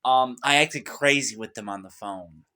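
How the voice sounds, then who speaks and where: A man's voice: mid-range voice, normal speed, pushed and bright, clean tone. A young man talking to camera in a rambling, agitated monologue, full of restarts and fillers. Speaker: vlogger.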